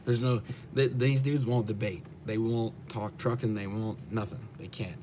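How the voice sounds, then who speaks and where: Here a U.S. truck driver answers viewers during a live stream, ranting with bluntness and profanity and restating questions for emphasis. He speaks in a steady, lowish tone at a moderate pace over background noise.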